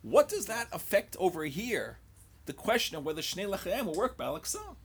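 A man's voice: high-pitched, sing-song, moderate pace, husky. A man teaching a Talmud lecture. He mixes English with Hebrew and Aramaic study terms and thinks aloud in rhetorical questions, often repeating words.

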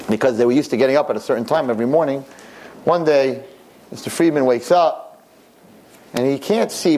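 Expressive male storyteller. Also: a little hiss or hum. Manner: repetitive, expressive, rising pitch at high points. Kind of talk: animated oral storytelling.

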